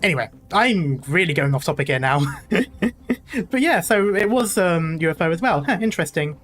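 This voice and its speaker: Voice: mid-range voice, expressive, moderate pace, a bit bright. Chatty gaming streamer. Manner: chatty, rambling, laughs often. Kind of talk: casual playthrough commentary.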